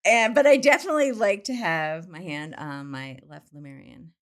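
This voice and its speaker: A woman's voice: fairly low pitch, normal speed, a little hiss or hum. A woman guest on a podcast, chatting casually and telling a story with lots of "like" fillers. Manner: chatty, many "like" fillers, excitable.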